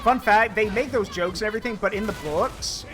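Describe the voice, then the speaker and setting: A man's voice: sits high, fairly quick, over music. A man chatting casually while streaming a game, telling jokes and laughing as he goes. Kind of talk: casual gaming chat.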